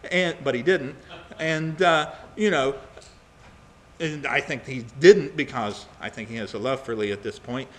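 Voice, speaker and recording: Bright-voiced man teaching scripture. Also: fairly high pitch. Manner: halting with many fillers, dramatizes readings. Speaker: Bible teacher. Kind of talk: Bible study teaching.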